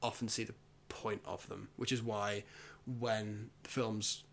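A man hosting a podcast in casual chat, animated, often restarting and mimicking actors. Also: fairly low pitch, slow pace, gravelly. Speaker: podcast host.

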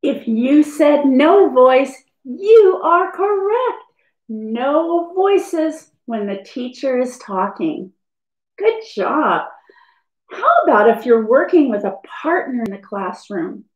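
Sing-song woman teacher, talking slowly to children. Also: high-pitched, very animated, roomy sound, poor audio. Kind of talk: children's lesson video.

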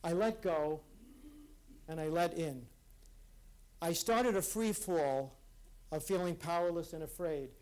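A man's voice: on the high side, a little mellow. Earnest man giving a reflective talk. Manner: earnest, with halting restarts. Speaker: speaker at a conference. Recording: live talk in a hall.

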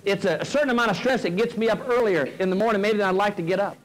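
A middle-aged man with a drawl spins a comic tale from the stage, his voice pitched unusually high. He talks in a folksy, animated way and lands each punchline with easy timing. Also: rapid-fire, poor audio. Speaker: motivational speaker. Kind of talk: humorous storytelling speech. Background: audience laughter.

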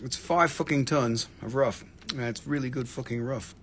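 A man's voice: mid-range voice, normal speed, a bit bright, a little hiss or hum. A man hosting a live rock-selling stream, rambling casually, swearing freely and calling out prices to viewers.

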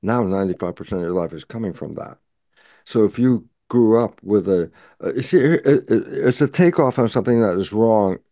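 Man explaining with animated acted-out dialogue. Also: on the low side, normal speed, no echo, studio quality. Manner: animated, acts out imagined back-and-forth dialogue. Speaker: guest scientist. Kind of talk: explanatory interview talk.

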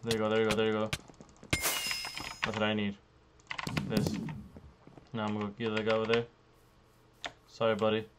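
A man's voice: monotone, moderate pace, pauses often. Swearing young man gaming, noisy recording. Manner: swings between loud outbursts and low muttering, swears constantly. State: frustrated. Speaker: gaming YouTuber. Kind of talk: profane live gameplay commentary.

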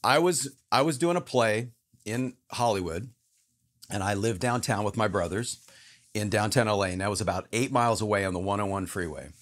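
A guest actor with a fairly low voice speaks briskly as he tells an earnest personal story in casual conversation. He's emphatic and acts out the quoted voices in his tale.

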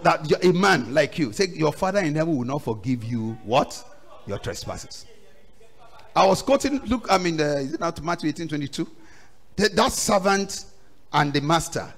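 Pastor preaching with big swings. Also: male voice, expressive, moderate pace. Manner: preaching with sudden loud rises and low drops; acts out quoted voices in the story. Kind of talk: sermon.

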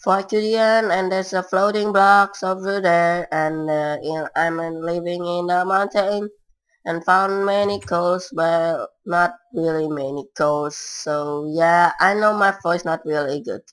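A woman's voice: on the low side, fairly even intonation, unhurried, rough recording. A woman giving casual, rambling gameplay commentary in broken non-native English, with frequent filler words. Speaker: gamer.

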